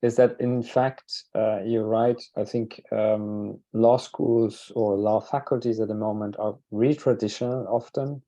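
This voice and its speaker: A man moderating an online training panel over a video call. He speaks haltingly, often restarting his sentences. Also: on the low side, fairly even intonation, mellow, highs cut off. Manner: halting, many fillers and restarts.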